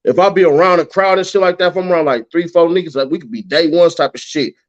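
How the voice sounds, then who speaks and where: Profane storytelling man, dull lo-fi. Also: fast talker. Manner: profane, animated, acts out quotes in a higher voice. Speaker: guest, YouTuber. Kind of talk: casual storytelling. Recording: dull lo-fi sound.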